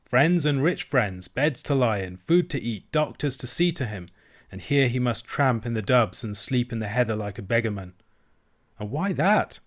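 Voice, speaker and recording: A man reading aloud, voicing a fierce, roguish Highland outlaw with a Scottish accent, gruff and blustering. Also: lively intonation, normal speed, fairly bright tone. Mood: sly. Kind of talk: audiobook reading.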